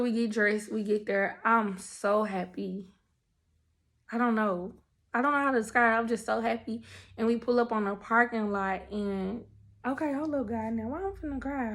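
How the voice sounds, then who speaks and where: A young woman telling her faith testimony in a casual, animated, emotional way, talking straight to her listeners. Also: fairly high pitch. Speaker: person sharing a faith testimony. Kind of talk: casual storytelling.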